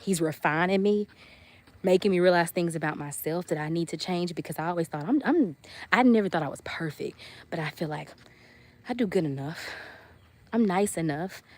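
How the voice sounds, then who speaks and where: A woman's voice: on the low side, normal speed, a little mellow. A woman hosting a casual live stream while folding laundry. She tells stories expressively, greets viewers by name and reflects on her faith. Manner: faith-centered, testimony-like reflection. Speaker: live-stream host and mother.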